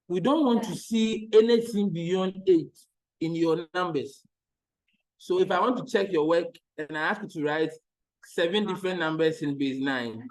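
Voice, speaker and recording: A man's voice: high-pitched, darkish tone, rough recording. A man teaching maths in an online lesson, patiently repeating each step and checking that the students follow.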